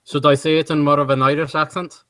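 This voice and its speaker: A man's voice: a little high, flat delivery, fast talker, a bit bright, smooth, no echo. A man co-hosting a casual online group chat, telling jokes and reciting a comic poem. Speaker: podcast co-host.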